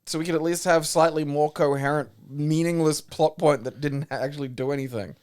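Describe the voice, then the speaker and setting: A man's voice: fairly high pitch, steady tone, brisk, a little mellow, smooth. A man with an Australian accent co-hosting a podcast, riffing sarcastically and swearing freely in casual banter. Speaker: podcast co-host.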